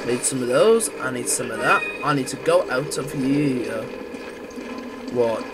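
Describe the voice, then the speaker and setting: A man giving loud, crude, excitable gameplay commentary. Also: mid-range voice, unhurried, heavy background noise. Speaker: gamer.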